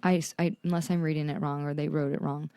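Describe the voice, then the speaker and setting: A young adult woman co-hosting a podcast, chatting casually and telling animated stories about her toddler. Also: low-pitched, fast talker, clean tone, dry recording. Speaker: podcast co-host. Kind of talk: casual chat.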